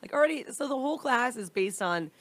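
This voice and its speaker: A woman's voice: a little high, lively intonation, fast. Young woman chatting on a podcast, giggly, lots of oh my god. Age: young adult. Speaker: podcast co-host. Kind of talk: casual chat.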